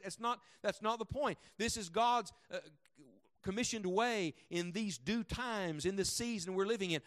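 A middle-aged man preaching a sermon as a traveling evangelist, emphatic, firing rhetorical questions and swinging between loud and hushed delivery. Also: high-pitched, normal speed. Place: church meeting room with congregation.

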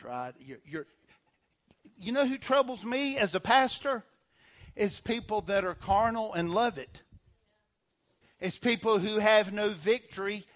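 A man in his sixties preaching a sermon as pastor, earnest, with restarts and slow, dramatic emphasis on scripture. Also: high-pitched, fairly bright tone.

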